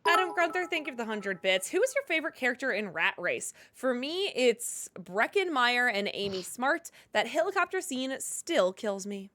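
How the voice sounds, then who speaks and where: A woman's voice: fairly high pitch, big pitch swings, moderate pace, few pauses, bright, forceful tone. A woman co-hosting a live stream, reading viewer messages aloud in an upbeat way. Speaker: co-host reading chat messages.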